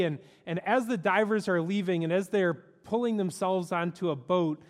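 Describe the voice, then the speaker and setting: A man preaching a sermon in a conversational, animated way, with frequent fillers and restarts, in a church. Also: sits high. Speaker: pastor. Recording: echoey hall.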